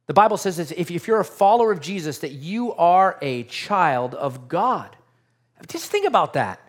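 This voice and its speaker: At a moderate pace, a pastor with a high-sitting voice and big pitch swings preaches earnestly to his congregation. He keeps it conversational, often posing rhetorical questions.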